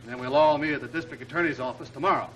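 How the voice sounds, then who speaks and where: An actor in a 1930s film playing a gruff, bossy police inspector who barks orders. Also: male voice, fairly high pitch, rapid-fire, close to an everyday voice. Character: brash, wisecracking police inspector. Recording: old film soundtrack with faint noise.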